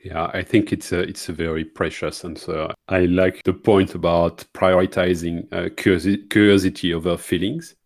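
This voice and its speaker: A man hosting a conversation, responding in a measured, hesitant way with fillers. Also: low voice, flat delivery. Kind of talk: conversational discussion.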